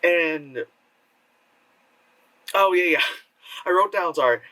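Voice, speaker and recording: A man with a somewhat high, bright voice rambles through a casual film review. He swears freely, leans on lots of fillers, and slips into exaggerated voices to act out the characters. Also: slow pace, distant mic, rough recording. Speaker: movie reviewer. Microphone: camera with a flash.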